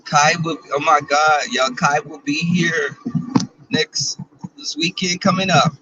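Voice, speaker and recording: A man's voice: fairly high pitch, slow pace, distant mic, lo-fi sound, very noisy. A man, chatting casually and bawdily to viewers while he drives. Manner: chatty, bawdy and playful, talks to viewers and reads out their comments. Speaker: vlogger. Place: in a car.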